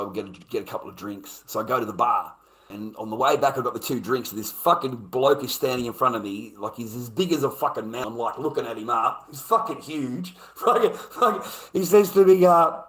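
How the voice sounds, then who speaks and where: A man's voice: medium pitch, a bit bright, poor audio. Sweary blunt Australian man ranting. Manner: sweary, blunt, laughs often, says mate constantly. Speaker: streamer. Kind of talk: casual ranting chat.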